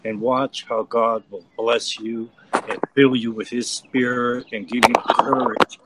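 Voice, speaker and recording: A man giving an earnest, halting testimony and urging listeners to get out and serve. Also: mid-range voice, level tone, noisy background. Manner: earnest, hesitant starts, urging. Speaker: volunteer guest. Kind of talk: exhorting testimony.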